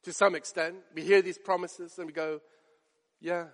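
A man's voice: sits high, flat delivery, a little fast, a bit bright. A man preaching a sermon in an earnest, emphatic way, repeating phrases for effect. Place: church. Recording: long reverb of a large church.

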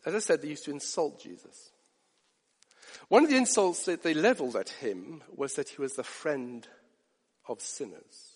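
A man preaching a sermon, earnest, moving from hushed asides up to rising emphatic peaks. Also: fairly high pitch, expressive, moderate pace, breathy edge, in a large hall.

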